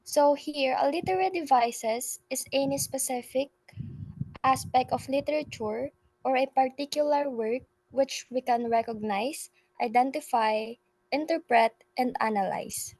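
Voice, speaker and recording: Slow young Filipino woman reading definitions. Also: sits high, a little mellow, dry recording, low-quality recording. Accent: Filipino English. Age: young adult. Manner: measured, reads definitions aloud with throat clearing. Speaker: student presenter.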